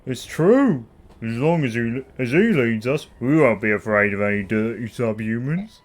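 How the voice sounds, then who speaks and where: A man voicing a boastful, gossipy common soldier with a loud, excited, raised voice. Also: medium pitch, normal speed, natural voice.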